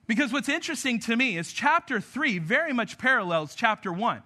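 A man's voice: very high voice, expressive, fairly quick, bright, forceful tone. A man in his thirties preaching a sermon, talking with the congregation in a conversational, joking way. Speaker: pastor.

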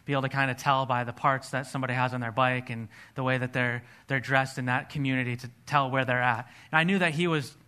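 A man's voice: mid-range voice, steady tone, quick pace, few pauses, bright, forceful tone, smooth. A man preaching a sermon, telling a personal testimony in an earnest storytelling way. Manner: earnest storytelling, acts out his own past dialogue.

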